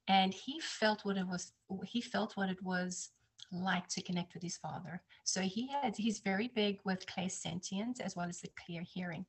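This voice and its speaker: Woman reader chatting, tells stories with lots of life, jumps way up when she quotes people. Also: breathy edge. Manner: animated, acts out quotes in higher voice. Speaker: psychic reader, guest. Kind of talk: casual storytelling chat.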